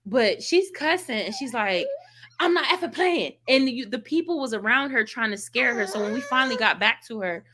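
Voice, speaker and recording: A woman tells a story in casual vlog chat. Her voice is bright and forceful and sits a little high. She is animated and full of laughter, and she swings her voice up high and down low as she acts out the people in her story. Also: fairly quick, hardly any pauses, slight background noise. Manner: animated, laughing, acts out quotes with big pitch jumps. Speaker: vlogger.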